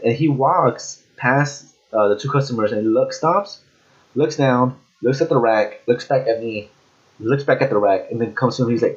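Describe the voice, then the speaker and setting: A man's voice: lowish voice, a little fast. A young man vlogger casually telling rambling stories from his cashier job, full of restarts and fillers. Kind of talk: casual storytelling. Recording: dull lo-fi audio.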